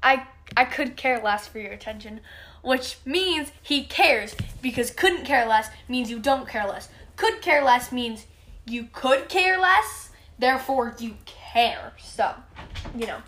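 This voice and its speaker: A woman's voice: high voice, expressive, slow, fairly bright tone. A teenage girl chatting casually as a podcast co-host, telling a story animatedly and mimicking other people's lines. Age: teens. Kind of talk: casual chat.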